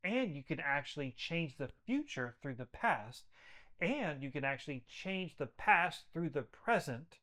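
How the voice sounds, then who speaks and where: A man's voice: on the high side, sing-song, unhurried, sharp tone. A man who works with patients, speaking as a podcast guest in an earnest, emphatic way, building his points through repetition. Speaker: podcast guest, health practitioner. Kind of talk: conversational interview storytelling.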